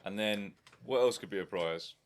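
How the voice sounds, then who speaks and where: A man's voice: fairly low pitch, normal speed. A young man co-hosting a podcast, chatting casually with dry, teasing banter and the odd swear word. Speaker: podcast co-host. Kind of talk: casual chat.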